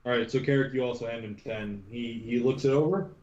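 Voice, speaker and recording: A man narrating a tabletop game as game master, talking in a halting way with many restarts. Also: medium pitch, steady tone, darkish tone, echoey room, muffled recording, slight background noise.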